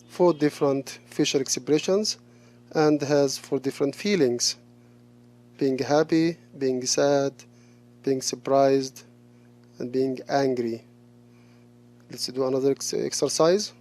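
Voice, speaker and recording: Slow, repetitive male English teacher. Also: a little high, darkish tone. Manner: slow, repeats each answer several times, praises answers. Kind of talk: recorded classroom lesson.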